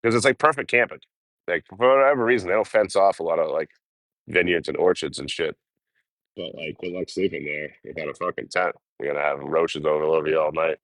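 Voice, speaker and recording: A man with a very low voice tells road stories on a livestream, swearing freely and talking with animated energy. The sound is dry and close, with hardly any room echo. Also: fairly quick. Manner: profane, animated storytelling. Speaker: hitchhiking livestreamer. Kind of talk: casual storytelling on a livestream.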